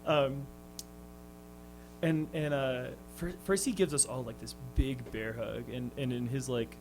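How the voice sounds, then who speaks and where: A man's voice: medium pitch, steady tone, a little slow, rough recording. A young man, a touring musician, telling stories in a casual radio interview, hesitant and laughing. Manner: hesitant, lots of fillers and restarts, laughing. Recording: radio studio with music underneath.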